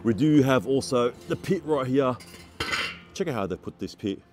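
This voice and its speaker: A man's voice: mid-range voice, lively intonation, moderate pace, a little mellow, faint music behind. Blunt man inspecting a site. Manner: blunt, exasperated, laughing at shoddy work. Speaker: building inspector. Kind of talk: walkthrough site inspection vlog. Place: outdoors on a building site.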